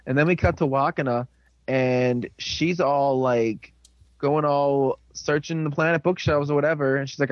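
A young man recapping a show in a rambling, animated way with lots of fillers. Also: a little high, normal speed, no echo. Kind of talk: casual recap chat. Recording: dull lo-fi recording.

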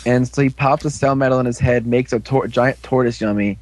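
A man's voice: mid-range voice, steady tone, a little fast, a little mellow. A man casually recapping an episode as a podcast co-host, rambling with lots of fillers. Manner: rambling, filler-heavy storytelling.

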